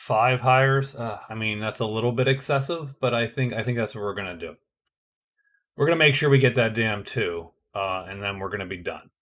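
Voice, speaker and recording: A man's voice: lowish voice, normal speed, a bit bright. A middle-aged man casually narrating his own board game turns, thinking aloud with frequent hesitations and restarts. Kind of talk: casual solo game commentary.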